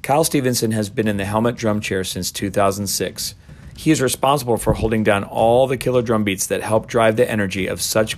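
A middle-aged man hosting a show, telling a story casually and acting out quotes in raised voices. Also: on the low side. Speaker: podcast host.

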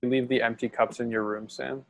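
A teenage student chatting casually with friends on a call, easygoing and halting with fillers. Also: male voice, mid-range voice, flat delivery, vocal fry, dry recording.

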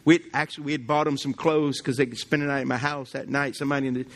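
A man's voice: mid-range voice, level tone, fast. A male pastor, preaching a conversational sermon and often asking the congregation questions. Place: church.

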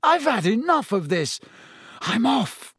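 Man reading a shaky, stubborn teen boy, raised pitch, slow delivery. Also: big pitch swings, husky, no echo, studio quality, exaggerated voice. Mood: panicky. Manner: shaky, yelling. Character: panicky teenage boy, stubborn.

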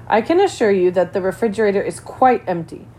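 A woman's voice: medium pitch, lively intonation, brisk, mellow, a little hiss or hum, lightly acted. A woman reading a children's novel aloud, voicing a formal, precise boy genius in stiff, exact phrasing.

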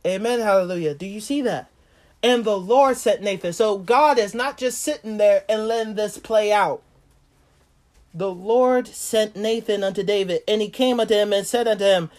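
A woman's voice: mid-range voice, moderate pace, a little mellow. A woman preaching a sermon, reading scripture and questioning her listeners before building to fervent, rising proclamations.

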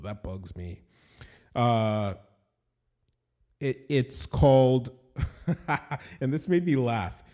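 Rambling, mellow-voiced male podcast host. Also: fairly low pitch. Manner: rambling, chatty, laughs at himself. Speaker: podcast host and animation studio owner. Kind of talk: casual solo podcast monologue.

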